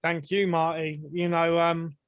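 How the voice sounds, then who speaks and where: Male podcast host, high voice, casual and agreeable, dry close sound. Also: little pitch movement, measured pace, smooth, no room sound, phone-quality sound.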